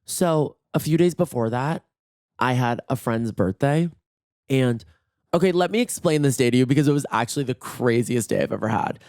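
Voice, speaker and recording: A man hosting a podcast with a worn-out, hoarse voice, telling stories in a gossipy, animated way and swearing freely. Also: mid-range voice, moderate pace, dry recording, studio quality. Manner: gossipy, animated, swears often, acts out quotes. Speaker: podcast host. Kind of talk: casual solo storytelling. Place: in bed at home.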